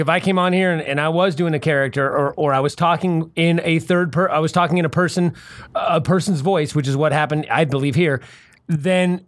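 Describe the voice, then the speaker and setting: High-voiced man in animated podcast chat. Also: dry recording, clean studio sound. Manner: animated, quoting others in voices. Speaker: podcast co-host. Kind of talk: casual chat.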